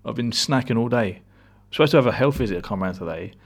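A man's voice: mid-range voice, animated, fast, vocal fry. A man co-hosting a podcast, chatting casually with a rambling, mumbled delivery. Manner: rambling, mumbling, drops into quiet asides. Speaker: podcast co-host. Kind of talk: casual chat.

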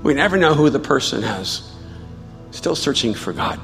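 A man preaching a sermon as pastor, telling a story with self-mocking humor and then turning to a quiet, prayerful appeal. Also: mid-range voice, sing-song, moderate pace. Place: large church hall. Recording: live church hall with long reverb and soft music.

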